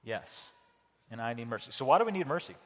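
A man's voice: medium pitch, lively intonation, quick pace. A man preaching a sermon as pastor, earnest, often repeating words and putting questions to the congregation. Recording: long hall reverb.

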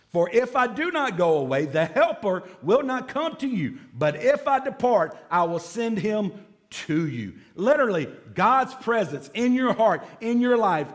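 A man preaching a sermon to his church, joking and conversational with playful asides. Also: high-pitched. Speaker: pastor.

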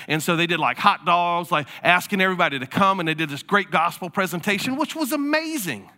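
Male pastor, sermon, conversational storyteller, bright tone. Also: on the high side, animated, fairly quick. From South Carolina. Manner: conversational storytelling preacher, casual fillers.

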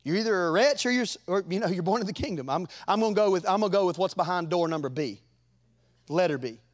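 A man preaching a sermon, fervent and folksy, climbing to loud peaks and dropping to quiet asides. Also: expressive, fast talker. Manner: fervent, rises to shouts then drops low; folksy, repeats words.

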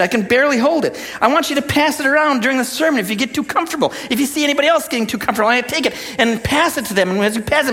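A young adult male pastor preaching a sermon, joking and acting out quotes as he tells stories. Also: extremely high pitch. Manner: animated storyteller, jokey, acts out quotes. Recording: long hall reverb.

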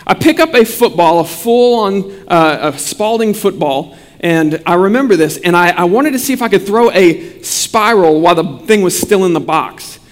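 A man pastor giving a sermon and telling a childhood story in an animated, humorous way. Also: high voice, moderate pace, long reverb tail.

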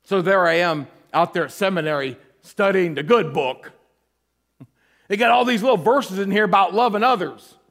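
Speaking at a moderate pace with a creaky voice, a man who serves as interim pastor preaches a testimony sermon. He tells his story frankly and pokes fun at himself, staying earnest throughout and lowering his voice gently when things turn emotional.

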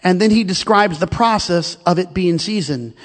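A man preaching with emphatic, storytelling delivery, stumbling over repeated words as he drives his point. His voice sits high for a man and carries a long reverb from a large hall. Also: normal speed. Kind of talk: sermon.

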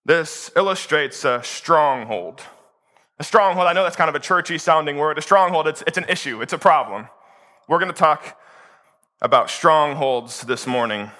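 A man preaching a sermon as pastor, telling the story in an animated, humorous way. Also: on the high side, moderate pace.

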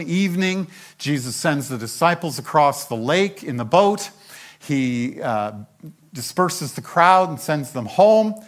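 A man's voice: fairly high pitch, fairly bright tone. An older man preaching a Bible-teaching sermon, telling the story with animation and acting out the characters' lines.

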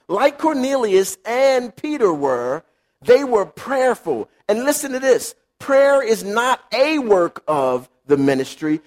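A man preaching a sermon in an animated, conversational way, acting out quotes. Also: high voice. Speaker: pastor.

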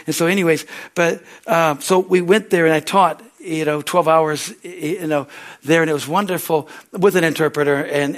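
A man with an American accent preaching a sermon as pastor, in a folksy, rambling way, often asking "Amen?" and laughing at himself. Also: fairly high pitch. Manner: self-deprecating, laughs easily.

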